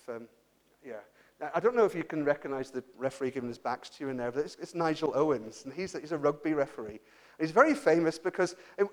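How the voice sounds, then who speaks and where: A man preaching a sermon, swinging from raised, emphatic calls down to hushed, almost whispered phrases, often repeating words as he restarts. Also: a little high.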